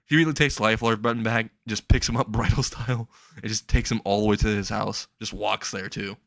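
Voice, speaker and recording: A man's voice: on the low side, steady tone, fairly quick, gravelly, fairly bright tone, no room sound, clean studio sound. A man casually telling a comic fan story, laughing and swearing as he rambles along.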